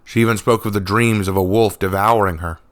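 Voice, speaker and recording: A man reading a fantasy story aloud in a measured, even narration. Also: fairly low pitch, dry recording.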